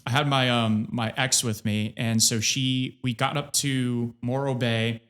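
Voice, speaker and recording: An animated man telling a story on a casual podcast, from California. His voice sits at an ordinary middle pitch, and he slips into the voices of the people he quotes. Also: measured pace.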